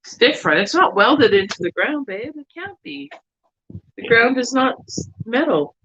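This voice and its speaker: A woman's voice: fairly high pitch, expressive, moderate pace, bright, forceful tone, lo-fi sound. A middle-aged woman co-hosting a casual chat show, bantering playfully and correcting her co-host.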